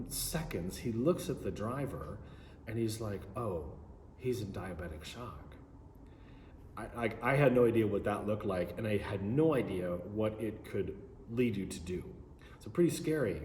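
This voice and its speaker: Animated male preacher in an echoey hall. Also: lowish voice, slight background noise. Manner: animated, conversational, many "like" and "right?". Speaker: pastor. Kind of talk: sermon storytelling. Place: large church hall. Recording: echoey hall with long reverb.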